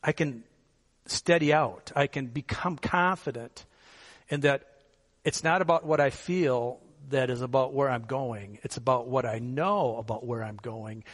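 A man's voice: mid-range voice, long reverb tail. A male pastor preaching a sermon in a conversational way, asking his listeners rhetorical questions and chuckling now and then.

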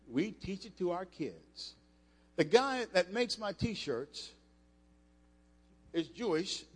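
An older man preaching a sermon, emphatic and rising to loud passages, with frequent restarts. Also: high-pitched. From United States. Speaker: preacher, former football player. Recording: echoey hall.

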